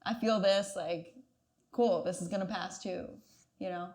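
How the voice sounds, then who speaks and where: A woman hosting a podcast, talking in a relaxed, chatty way with "like" fillers. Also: on the low side, unhurried. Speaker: podcast host. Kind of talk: casual podcast conversation.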